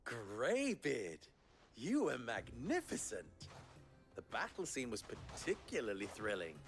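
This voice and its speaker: An actor playing a composed young male hero with a measured, dry wit, in a video game cutscene. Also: mid-range voice, huge pitch swings, soft background music, exaggerated voice. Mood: wry.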